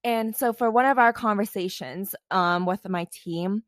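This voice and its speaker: A woman's voice: mid-range voice, unhurried, no room sound, clean studio sound. A young American woman co-hosting a podcast, talking bluntly and swearing often with frequent laughs. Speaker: podcast co-host. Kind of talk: casual chat.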